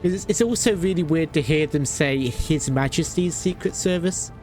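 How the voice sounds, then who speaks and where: A man's voice: on the high side, normal speed, a little mellow, faint music behind. A man streaming a game, chatting casually, ranting and laughing often. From Britain. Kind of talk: casual chat while playing.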